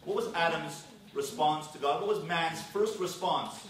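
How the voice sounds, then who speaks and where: A man's voice: a little high, unhurried, a bit bright. A man teaching a marriage class as a rabbi, questioning and prompting his audience in an interactive lecture. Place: large synagogue hall with a packed audience. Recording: echoey hall from far off, audience noise.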